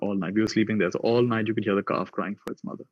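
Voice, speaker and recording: Man, conference speaker, low voice, reflective storytelling, dry muffled sound. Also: steady tone, racing, dry recording. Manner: acts out the voices in his stories with raised pitch.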